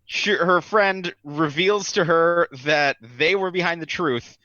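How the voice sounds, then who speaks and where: Bright sarcastic male podcast co-host. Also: fairly high pitch, no echo, lo-fi sound. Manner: quick, restarting, sarcastic asides. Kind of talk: casual film-review chat.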